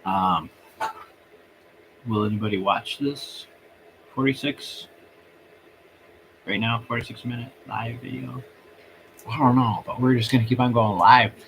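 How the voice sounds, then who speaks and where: A man hosting a live stream from home, telling a long story in a rambling, halting way and circling back. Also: medium pitch, fairly even intonation, gravelly, fairly bright tone, slight background noise.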